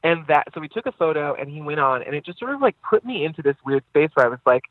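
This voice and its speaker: A man's voice: fairly high pitch, fast, dry recording. Man on a phone-like line. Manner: relaxed, rambling, frequent fillers and laughs. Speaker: actor guest. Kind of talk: casual interview chat.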